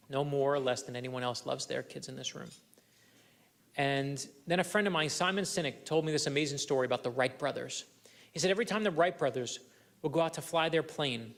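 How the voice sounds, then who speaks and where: A middle-aged man giving a keynote speech at a luncheon, telling earnest personal stories and speaking directly to the room. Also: a little high. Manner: earnest, anecdotal, addresses the audience directly. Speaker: guest speaker.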